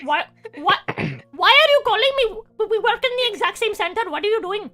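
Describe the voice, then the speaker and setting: A woman putting on a high, loud, scolding voice with an Indian accent for an indignant male call-center worker. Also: expressive, a little fast, soft background music, exaggerated voice.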